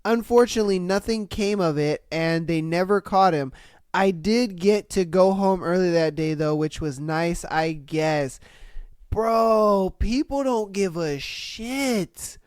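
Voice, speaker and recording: A young adult podcast host reads listener stories and breaks off to react with profane disbelief. The delivery is slow and unhurried, and the sound is dry and close. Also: mid-range voice, smooth, dry recording. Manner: profane, loudly incredulous reactions.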